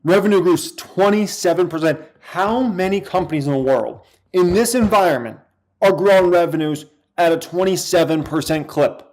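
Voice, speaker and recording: A man hosting a livestream, reacting with excited shouts, whoops and swearing. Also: fairly high pitch, normal speed. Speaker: livestream host reacting to stock news.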